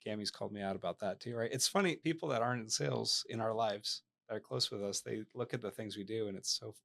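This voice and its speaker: A man in a podcast interview, a sales professional telling a story in an animated way and often tagging his sentences with "right?". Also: fairly low pitch, quick pace, creaky. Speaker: guest, sales professional and real estate agent.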